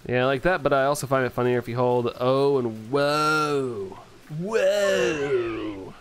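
A man's voice: mid-range voice, steady tone, normal speed, fairly bright tone. Young man, game streamer, casual rambling chat, lots of fillers, faint background hiss. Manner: rambling, filler-heavy, laughs often. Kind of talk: casual chat while playing, reading chat.

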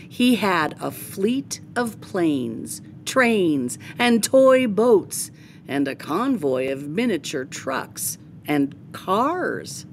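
A woman reading a children's picture book aloud in an expressive, lively storytelling manner. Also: mid-range voice, a little hiss or hum.

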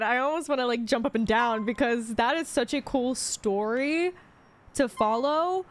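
A woman hosting a gaming channel, giving excitable, giggly let's play commentary. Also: high voice.

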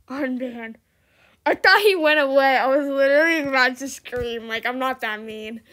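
A woman's voice: high-pitched, measured pace, a bit bright. A young woman giving casual, dramatic gameplay commentary, laughing often and exclaiming. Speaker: gaming video creator.

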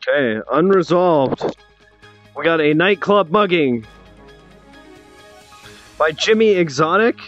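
A young man streaming a VR game, joking around and reacting loudly as he plays. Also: fairly high pitch, slow pace, long pauses, muffled recording, soft background music. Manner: excitable, jokey, loud reactions. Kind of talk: casual game commentary.

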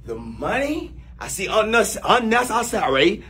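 A man playing a new boss in a comedy sketch, bossy, loud and teasing, with big swings in pitch. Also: very animated, moderate pace, few pauses.

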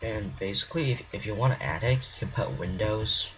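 A man's voice: fairly low pitch, animated, fairly quick, a bit bright, a little hiss or hum, rough recording. A man rambling self-consciously in casual commentary while he builds in a game. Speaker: game creator. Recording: clear mouse clicks and typing.

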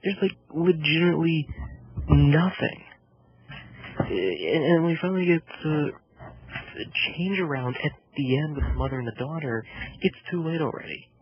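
A man's voice: on the high side, normal speed, slightly rough. A man co-hosting a casual film review podcast, ranting animatedly about a movie. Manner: animated, ranting, mimics voices. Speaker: podcast co-host. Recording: dull lo-fi podcast audio.

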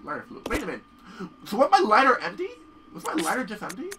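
A man casually commentating on a horror video game as he plays, excitable and swearing often. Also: high voice, fast, distant mic, slight background noise. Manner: excitable, profane, yells at the game. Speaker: gameplay commentator. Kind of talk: casual let's-play commentary.

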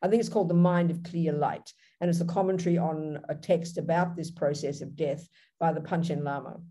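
An Australian woman teaching Buddhism over a video call, explaining directly and with animation. Her voice sits a little low, with a mellow, husky tone. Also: steady tone, fairly quick. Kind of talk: dharma teaching with Q&A.

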